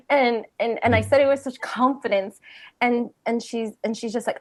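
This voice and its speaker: Animated woman sharing a personal story. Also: mid-range voice, normal speed. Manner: animated storytelling with laughter and sudden hushed moments. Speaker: retreat participant sharing a question. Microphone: video call.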